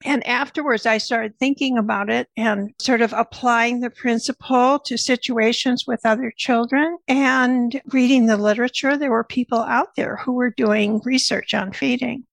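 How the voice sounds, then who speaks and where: An older woman, a nutritionist guest, telling lively stories from her career in a conversational way. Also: fairly high pitch, moderate pace, gravelly, hardly any pauses, dry recording, rough recording. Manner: lively anecdotal storyteller. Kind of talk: conversational storytelling.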